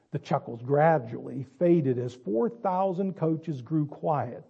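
A man telling a story to an audience, with dramatic pauses and wry asides. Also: a little high, vocal fry, slightly rough, muffled recording. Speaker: speaker. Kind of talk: storytelling speech.

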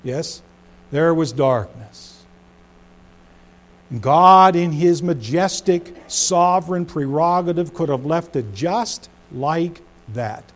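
A middle-aged man preaching a sermon as pastor, swinging between loud emphasis and hushed low phrases. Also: animated, takes it slowly.

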